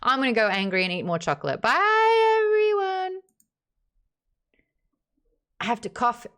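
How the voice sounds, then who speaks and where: A woman hosts a relaxed book club stream, her pitch bouncing animatedly as she chats. She laughs easily and drops the odd swear word in casual conversation. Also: rapid-fire. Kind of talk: casual livestream chat.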